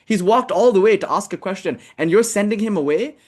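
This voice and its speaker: A man voicing a dying old male sage who gently but firmly insists. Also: high-pitched, lively intonation, a little fast, voice pushed up. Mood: insistent. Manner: insistent, emphatic.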